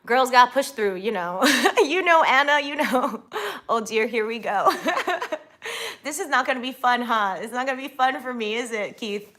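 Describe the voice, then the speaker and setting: A woman's voice: fairly high pitch, lively intonation, unhurried, a bit bright. A woman streamer chatting casually with her viewers and reading their comments, laughing often and trailing off mid-sentence. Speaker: live streamer. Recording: roomy echo with faint music.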